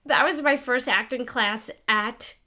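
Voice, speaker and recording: Animated woman telling stories. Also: on the high side, a little slow. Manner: animated, lively storyteller who acts out quotes. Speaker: podcast co-host. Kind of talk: casual storytelling chat.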